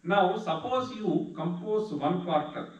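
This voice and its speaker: A man lectures a class at an unhurried, patient pace. He breaks into slow chanting now and then, and his voice reaches the mic from a distance. The room rings with heavy echo. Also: sits high, lively intonation, lo-fi sound. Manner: explains patiently, chants verses slowly. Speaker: teacher. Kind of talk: lecture on Sanskrit meter.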